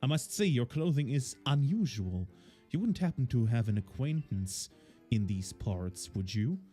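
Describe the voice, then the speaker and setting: Fussy courteous professor read by a man, lively and sing-song, soft game music under it. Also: mid-range voice, a little slow. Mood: fussy politeness. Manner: courteous, old-fashioned formal phrasing. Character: fussy, polite male professor, middle-aged. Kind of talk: reading game dialogue aloud in character.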